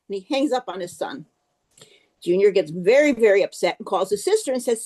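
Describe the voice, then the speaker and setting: A woman telling a long joke at a club meeting, in a lively storytelling manner. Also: a little high, brisk.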